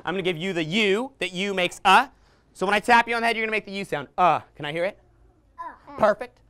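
A woman in her thirties teaching young children letter sounds in a library, playful and animated, making silly sounds and growls for them to copy. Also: mid-range voice, fast, clear, resonant tone. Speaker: children's entertainer. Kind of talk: interactive children's phonics lesson. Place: public library room with children. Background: faint ukulele.

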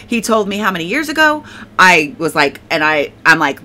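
A woman's voice: fairly low pitch, sing-song, fairly quick, pushed and bright, a little hiss or hum. A middle-aged woman giving a personal faith testimony, talking emotionally with many restarts and fillers. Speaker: testimony speaker.

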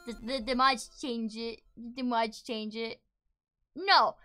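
Loud, bright-voiced young woman streamer. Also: fairly high pitch, little pitch movement, measured pace, clear, resonant tone, faint music behind. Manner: loud, hyper, swearing, sudden yells. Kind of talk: casual chat with viewers. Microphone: streaming desk mic.

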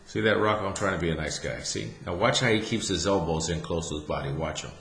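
A middle-aged golf instructor with a lowish voice talks through a swing in a folksy, chatty way, often stopping to ask "see?". The room gives his voice a clear echo, and faint ambience sits underneath. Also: fast, a bit bright, slight background noise. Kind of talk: casual swing-analysis commentary over video.

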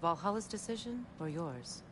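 An actress playing a serious woman ally in a video game, speaking in a measured, cautioning way. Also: on the low side, animated, natural voice. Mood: earnest. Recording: noisy game audio.

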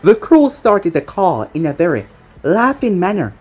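A woman narrates a fan story with a lively, expressive pitch. Her voice is husky and a bit breathy, and a faint music bed runs underneath. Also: moderate pace.

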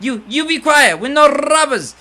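A man voicing a boastful male street thug while reading game dialogue aloud, with shouted, cocky taunts. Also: very high-pitched, animated, normal speed, voice pushed up, heavily acted. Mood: blustering.

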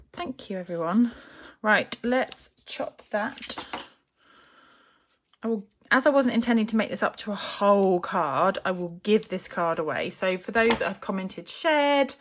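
Chatty woman demonstrating crafts. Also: medium pitch. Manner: chatty, thinking aloud with many ums, greets viewers. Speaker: papercraft demonstrator. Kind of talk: live-streamed craft tutorial. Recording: clear background noise.

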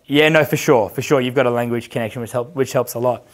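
A brash male dating coach chats casually, swearing freely and laughing as he tells his stories. He slips into quick impressions of the people in them, with a voice pitched in the middle for a man. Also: steady tone. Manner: brash, profane, laughing, acts out quoted voices. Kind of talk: casual storytelling chat.

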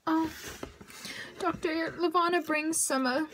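A young woman reviewing books in a casual vlog, bubbly and gushing, with quick asides and frequent giggles. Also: very high voice, fairly bright tone, slight background noise. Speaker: book reviewer.

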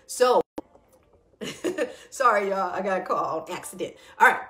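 A woman hosting a casual morning live stream. She greets viewers by name and hypes them up, then turns slow and reflective when reading her notes. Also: medium pitch, lively intonation, pushed and bright, reverberant.

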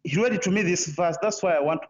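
A hesitant, polite man from Africa who calls in to argue a point on a religious debate show. His fairly high voice comes over a dull, lo-fi call line, and he fills his speech with uh and sir. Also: fairly quick. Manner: hesitant, polite, full of fillers. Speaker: caller.

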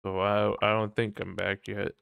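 Gravelly-voiced guy rambling thru a live game stream, mid pitch, faint hiss behind. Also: level tone, moderate pace, a bit bright. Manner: chatty, thinks aloud while playing. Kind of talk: casual live-stream commentary.

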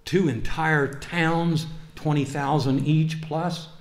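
A male pastor preaching a sermon in a church, moving from quiet asides to fervent, rising preaching. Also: a little high, fairly even intonation, slow pace. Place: church sanctuary. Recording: roomy church reverb.

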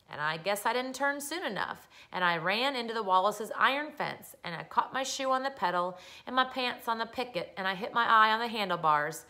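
A woman doing an excitable show-off boy. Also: a little high. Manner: excited, boasting, calling out. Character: eager reckless young boy, show-off.

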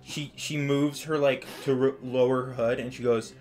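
A man's voice: medium pitch, steady tone, moderate pace, hardly any pauses, darkish tone, faint music behind. A young man narrating a tabletop game as game master, casual and rambling, with lots of fillers. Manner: casual, rambling, full of "like" and restarts.

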